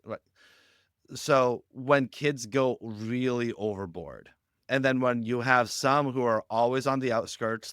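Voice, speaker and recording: A man speaking as a guest on a podcast interview, explaining ideas with lively anecdotes and acting out quoted lines. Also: mid-range voice, measured pace, clean tone, no echo, clean studio sound. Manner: animated storytelling, acts out quoted lines. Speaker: guest on a youth ministry podcast.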